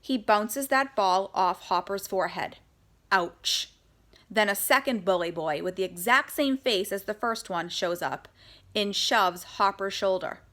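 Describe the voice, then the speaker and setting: A woman's voice: mid-range voice, measured pace. Woman reading a children's storybook aloud. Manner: lively, voices a young girl's first-person narration. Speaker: audiobook reader. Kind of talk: children's audiobook narration with character voices.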